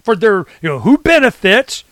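A man talking in a casual rant, rambling and animated, often acting out what others say. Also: high voice, normal speed, no room sound. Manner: rambling, animated, swings into quoted voices. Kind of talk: casual ranting chat.

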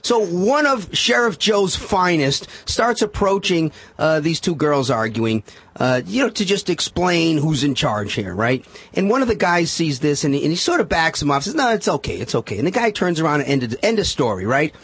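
Man, radio guest, storytelling, high lively voice, dry sound. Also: moderate pace, husky, no room sound. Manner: animated storyteller, acts out quotes. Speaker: defense attorney guest. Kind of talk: storytelling on a radio talk show.

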